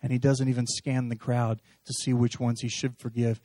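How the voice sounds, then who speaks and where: A man preaching a sermon in a lively, conversational way, acting out little dialogues as he speaks to a live congregation. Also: mid-range voice, moderate pace, hardly any pauses, dry recording. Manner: animated, conversational, acts out dialogue.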